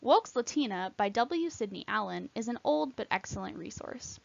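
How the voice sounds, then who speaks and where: A woman's voice: fairly high pitch, expressive, no room sound, dull audio. Latin teacher woman, careful enunciation. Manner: clear, careful, deliberate enunciation of example words. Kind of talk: scripted instructional narration.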